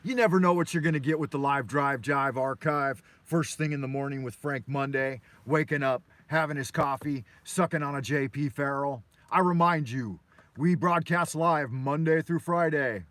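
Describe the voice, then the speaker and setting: American guy rambling on a morning drive show, kinda high voice, cusses a lot, dry sound. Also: normal speed, fairly bright tone, dry recording. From Los Angeles, USA. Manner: loose, profane, meandering, full of fillers. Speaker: host of a live morning show. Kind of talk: rambling live-stream storytelling.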